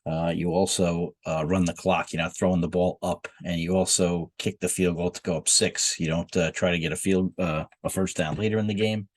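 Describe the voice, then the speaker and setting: A man's voice: sits low, fairly even intonation, moderate pace, hardly any pauses, dry recording. A man giving blunt, profane football opinions in a rambling rant, full of filler uhs. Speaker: football commentator. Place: Miami.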